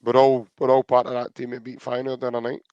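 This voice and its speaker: A man's voice: medium pitch, monotone, fast, darkish tone, clear, resonant tone, dry recording, lo-fi sound. A Scottish man co-hosting a football podcast, easygoing and hesitant, calling his co-host "mate". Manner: easygoing, says "mate" a lot, hesitant restarts. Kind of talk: casual football chat.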